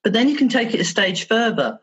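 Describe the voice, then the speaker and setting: An English therapist appears as a podcast guest, telling stories in a slightly husky, a little high voice that is animated, a little fast, and swings widely in pitch. She acts out little exchanges with children as she goes, and the audio sounds a bit dull and lo-fi.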